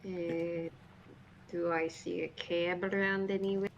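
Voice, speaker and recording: A woman's voice: fairly low pitch, little pitch movement, takes it slowly, lo-fi sound, slight background noise. A woman playing in a tabletop game, answering casually and a little hesitantly. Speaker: player.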